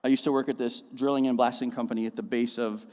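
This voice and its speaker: Conversational pastor in a hall. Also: male voice, mid-range voice, fast. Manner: conversational, animated storytelling. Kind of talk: sermon. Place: church auditorium. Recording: echoey church hall.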